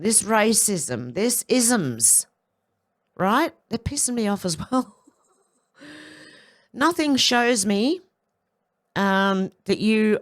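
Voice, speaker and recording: A woman hosting an opinion commentary, blunt and irritable, with sarcastic asides and swearing, nursing a headache and sore back. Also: mid-range voice. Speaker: commentary channel host. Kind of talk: casual opinion commentary over clips.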